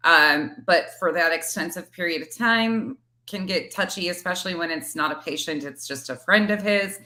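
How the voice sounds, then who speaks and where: A woman hosts a casual commentary with a lower, sharp-edged voice. She keeps it chatty, wandering off into asides before coming back to the point. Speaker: commentary channel host.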